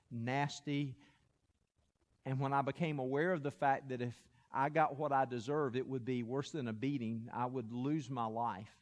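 A man preaching a sermon, telling a story with animated, building energy. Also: medium pitch, big-room sound. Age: adult. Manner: animated, builds to loud excited peaks when telling a story. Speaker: pastor.

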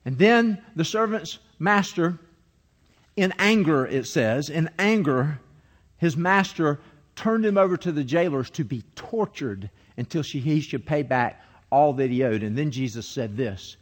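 A man's voice: on the high side, lively intonation, moderate pace. A man preaching a sermon as pastor, telling a story and reading scripture, acting out the quoted voices as he goes.

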